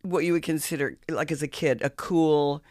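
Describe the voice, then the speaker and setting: A woman hosting a casual chat, telling a story in an animated, dramatic way and swearing freely. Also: sits low, moderate pace, no echo, studio quality.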